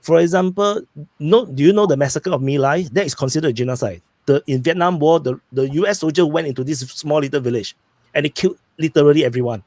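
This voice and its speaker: A man with a slightly high voice explains his position in an online panel, step by step. He is insistent about getting the floor. The sound is dry and close, with no room around it. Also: quick pace, darkish tone, no room sound. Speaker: panel participant.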